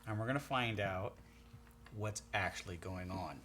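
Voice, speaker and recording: A man playing a paladin in a tabletop game, speaking calmly and steadily. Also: low-pitched, normal speed. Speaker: player. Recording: faint background noise.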